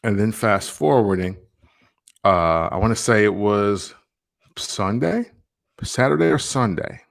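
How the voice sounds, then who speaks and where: A man's voice: lowish voice, animated, measured pace, vocal fry. A man in his thirties, a songwriter and podcaster, talking through his thoughts in a loose, rambling monologue full of slang asides. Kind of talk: reflective casual monologue.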